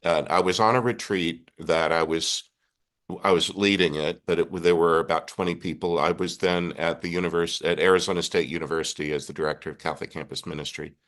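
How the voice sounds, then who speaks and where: A man's voice: sits low, fairly even intonation, fairly quick, fairly bright tone. A man in his sixties from Texas, a Catholic priest telling stories as a guest in an interview, earnest and often restarting his sentences. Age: 60s. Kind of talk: conversational storytelling interview.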